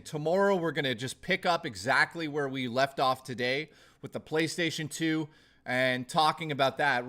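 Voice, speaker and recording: A man's voice: fairly high pitch, bright, forceful tone. A man hosting a casual live stream, rambling and thanking viewers, his voice strained and fading. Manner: rambling, thanks chat by name. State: losing his voice.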